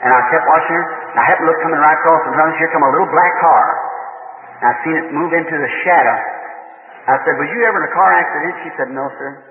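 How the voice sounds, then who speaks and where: A man's voice: fairly high pitch, rapid-fire. A man preaching a story-filled sermon in a folksy, earnest, plain-spoken way. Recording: tinny old hall recording.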